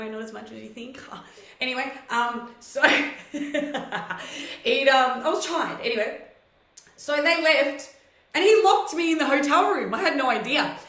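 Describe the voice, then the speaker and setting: A woman's voice: a little high, a bit bright, reverberant, poor audio. A woman hosting a live stream, telling personal stories in a casual, chatty way and greeting viewers by name.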